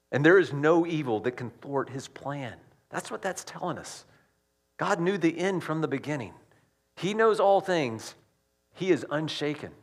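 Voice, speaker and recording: A man preaching a sermon as pastor, swinging between loud emphatic rises and soft hushed drops, with conversational asides and repeated words. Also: mid-range voice, husky.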